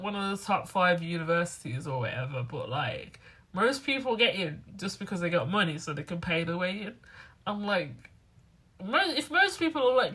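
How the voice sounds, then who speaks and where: A woman, chatting to camera as a student vlogger, rambling and animated. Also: on the low side, slightly rough. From England. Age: 20s. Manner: rambling, animated, acts out other people's lines. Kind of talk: casual talking-to-camera vlog.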